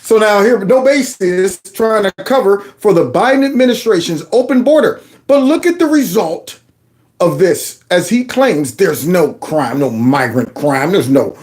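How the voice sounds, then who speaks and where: A man hosting a political commentary show, talking over clips in an animated, mocking way and repeating phrases in a singsong. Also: high voice, measured pace. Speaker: commentary channel host.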